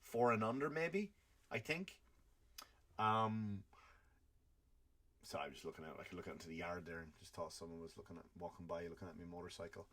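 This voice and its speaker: Man, comedian, podcast rant, profane, rambling, bright forceful voice. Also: sits low, brisk, pauses often. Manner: rambling, profane, jumps in loudness.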